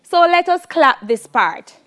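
A Jamaican woman leads a televised classroom music lesson. Her voice sits high, and she takes an unhurried pace. She chants song syllables and claps out rhythms for her students to copy. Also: big pitch swings, fairly bright tone, a little hiss or hum. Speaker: music teacher.

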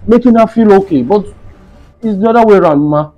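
A man's voice: high-pitched, animated, a little fast, warm tone, dull audio. A man playing a worried young Nigerian husband in a comedy skit, coaxing and exasperated with his mother.

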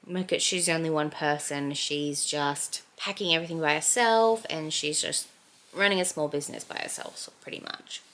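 A woman's voice: deep voice, normal speed, fairly bright tone. A young Australian woman chatting casually at home about the books she is reading. She fills her talk with "like" and giggles often. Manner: chatty, heavy use of "like", giggly. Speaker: book vlogger. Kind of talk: casual book review chat.

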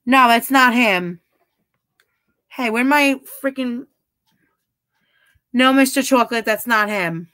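A woman's voice: on the high side, slow pace, long pauses, pushed and bright. A woman chatting casually on a live stream, answering her chat bluntly and swearing freely. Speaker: livestreamer reading chat.

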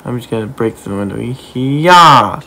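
A man giving playful, excitable commentary as he plays a video game, talking to the characters and cheering his own moves. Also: medium pitch, normal speed. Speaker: gaming YouTuber.

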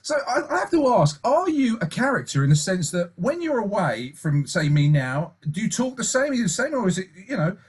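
A man's voice: high-pitched, sing-song, brisk, hardly any pauses, slightly rough. A man hosting a radio interview, chatty and telling stories while laughing along with his guest. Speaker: radio host.

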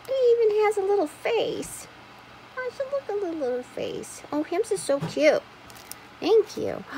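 Woman, craft vlogger, fairly high voice, unhurried delivery, gasping and gushing, faint background noise. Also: mellow, low-quality recording. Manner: gushing, frequent gasps and exclamations. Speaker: craft vlogger unboxing a swap package. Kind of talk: casual unboxing chat.

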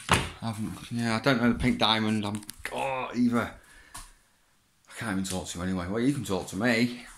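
A man with a lowish voice, rambling and chatty, swearing freely and laughing often as he talks to someone who is not there. A faint hiss sits behind him. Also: a bit bright. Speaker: vlogger. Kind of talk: casual chat, talking to an absent child.

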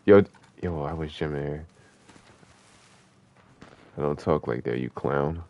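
A man with a low, deep voice talks through an online gunfight as he plays. His speech is loose, slangy trash talk that breaks into excited yelps. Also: slow, muffled recording. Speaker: gaming streamer. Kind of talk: live gameplay commentary.

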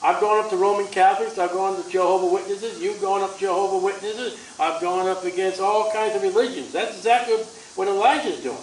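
A man preaching a sermon in a combative, sarcastic way, his delivery swinging from loud to soft. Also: high-pitched, brisk, hardly any pauses, slight background noise. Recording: echoey room from far off.

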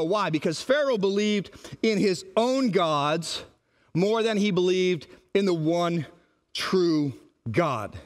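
A man preaching a sermon as pastor, animated and acting out the voices he quotes. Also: high-pitched, slow pace.

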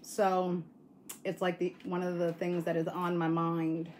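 A woman's voice: on the low side, completely flat delivery, unhurried, darkish tone, a little hiss or hum. A woman hosting a casual livestream, rambling and answering viewer comments while grieving and near tears. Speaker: livestream host.

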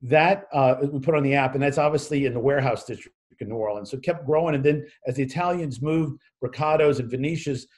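A man's voice: mid-range voice, fast, few pauses, darkish tone. A man, co-hosting a casual talk show over a video call, enthusiastic and rambling, stumbling over his words. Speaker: co-host.

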